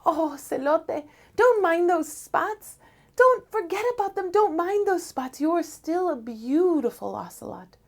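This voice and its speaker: A woman voicing the planet Venus as a gentle, reassuring older sister. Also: high voice, very animated, measured pace, few pauses, pitched above the performer's own voice, heavily acted. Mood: soothing. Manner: coaxing, reassuring.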